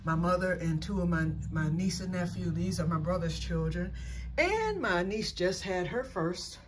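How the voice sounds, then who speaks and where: A woman's voice: on the low side, expressive, moderate pace, noisy background. Rambling, self-correcting middle-aged woman. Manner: folksy, says y'all. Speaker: vlogger. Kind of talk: casual personal vlog.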